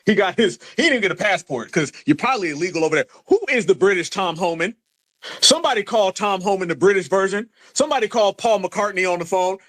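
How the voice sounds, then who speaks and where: A man hosting a heated call-in stream, mocking and insulting a caller in a loud, taunting way. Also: sits high. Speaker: livestream host.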